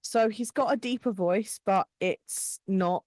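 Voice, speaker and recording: A woman's voice: mid-range voice, slow, darkish tone, dry recording. Giggly woman player, dry close mic. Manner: giggly, playful, chatty. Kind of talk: casual tabletop game chat.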